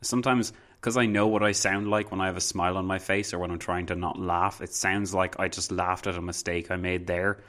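A man's voice: sits low, little pitch movement, brisk, few pauses, a bit bright. A man giving casual, sarcastic and self-mocking commentary on his own podcast. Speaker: podcast host.

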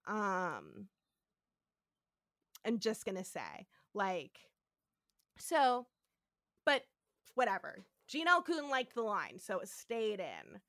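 A woman co-hosting a podcast in casual chat, recapping an episode with profane, animated retellings and acted-out quotes. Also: medium pitch, slow pace, long pauses, dry recording, studio quality. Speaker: podcast co-host.

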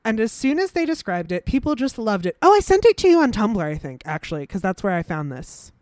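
A woman's voice: medium pitch, big pitch swings, fairly quick, darkish tone, no echo, studio quality. A woman co-hosting a casual chat, reading news aloud with many fillers and restarts. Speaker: podcast co-host.

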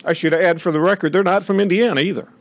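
A man's voice: fairly even intonation, fast, no room sound. A middle-aged man giving an impassioned, indignant public speech from a podium, acting out the voices he quotes. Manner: indignant, acts out quoted voices with rising pitch. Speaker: speaker at a podium.

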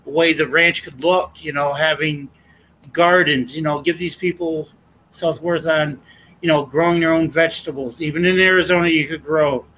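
A man's voice: on the high side, steady tone, normal speed, a bit bright, slight background noise, poor audio. A middle-aged man, a guest sharing his testimony in an earnest, impassioned, rambling way. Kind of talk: casual conversation.

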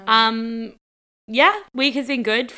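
A woman's voice: a little high, fairly even intonation, takes it slowly, sharp tone, clean tone. A young Australian woman with an Australian accent, co-hosting a podcast in casual, teasing chat, laughing often. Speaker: podcast co-host.

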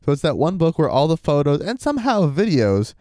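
A man chats through a podcast story with wry, sarcastic asides, reading his sources aloud as he goes. His voice is mellow and swings widely in pitch. The sound is dry and close. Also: big pitch swings, fairly quick, dry recording. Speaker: podcast co-host.

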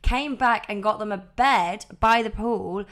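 A woman's voice: medium pitch, measured pace, fairly bright tone. A woman co-hosting a podcast in casual chat, cracking jokes with laughing asides. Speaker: podcast co-host.

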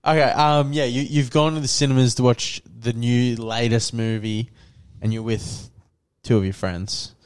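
A young man co-hosting a podcast in casual chat, quick to laugh and swearing often. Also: mid-range voice, fairly even intonation, smooth. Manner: laughs easily, swears a lot. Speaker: podcast co-host.

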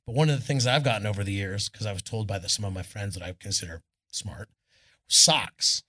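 On an indoor arts club stage, a guest musician tells loose, profane road stories into a stage microphone, peppering them with lots of "I'm all." His voice is fairly low with a sharp tone, and he talks a little fast.

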